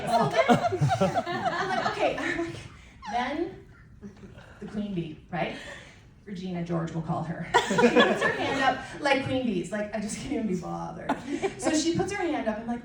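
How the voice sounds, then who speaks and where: A middle-aged woman performing a stand-up routine, telling stories in an animated, self-mocking way on a comedy club stage. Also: a little high, normal speed, very noisy. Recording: distant mic in an echoey room with a loud crowd. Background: audience laughter and cheers.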